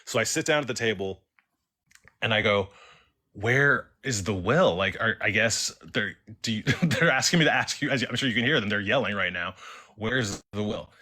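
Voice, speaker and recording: A man's voice: fairly low pitch, fairly quick. A young man telling a personal ghost story in casual chat on a live stream, acting out the voices he quotes. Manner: animated, acts out quoted voices. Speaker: caller sharing a story.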